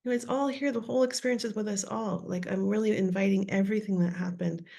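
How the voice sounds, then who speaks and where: A woman with a raspy voice leading a guided voice workshop on a live video call, speaking softly and often slipping into whispers. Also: medium pitch, steady tone, fast talker. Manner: soft, drifting into whispers while guiding. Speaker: workshop leader.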